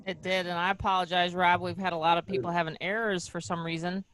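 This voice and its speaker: An earnest woman in her fifties hosts a video call, her low voice turning emotional as she talks from the heart. The sound is close and dry, with chatty fillers throughout. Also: little pitch movement, fast talker, a bit bright, no room sound. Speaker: host of a team call.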